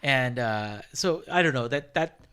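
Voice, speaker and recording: A man's voice: mid-range voice, expressive, a little slow, a bit bright, smooth. Rambling man telling a story. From Hispanic, worked in San Diego. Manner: rambling storyteller, many restarts and fillers. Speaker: podcast co-host. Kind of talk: casual chat.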